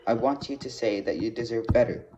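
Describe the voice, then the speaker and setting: A man reading aloud as an earnest middle-aged male teacher, speaking low and intently on a dull lo-fi recording. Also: brisk, noisy background, lightly acted.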